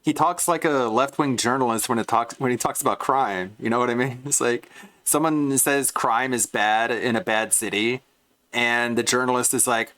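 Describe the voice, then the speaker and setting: A man's voice: mid-range voice, normal speed, pushed and bright, no room sound. Dry, mocking, foul-mouthed male streamer. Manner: mocking, profane ranting. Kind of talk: casual reaction commentary.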